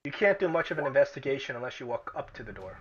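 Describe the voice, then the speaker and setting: A man's voice: medium pitch, very animated, racing, fairly bright tone. A man narrating a tabletop game as game master, thinking aloud and restarting sentences, in a dull lo-fi recording.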